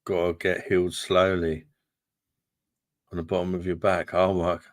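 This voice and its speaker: A very deep-voiced man hosts a relaxed live chat from home, dropping swear words and calling everyone mate. His voice sits close and dry on the mic, with no room sound around it. He talks in an easygoing, rambling way. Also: moderate pace, dry recording. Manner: chatty, swears freely, calls viewers mate. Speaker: livestream host reading chat.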